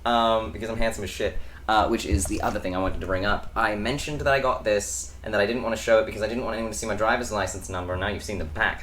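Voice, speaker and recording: A man's voice: lowish voice, fairly bright tone, slight background noise. A young man from the United States hosting a casual chat vlog from his bedroom, rambling through tangents with lots of ums. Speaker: host.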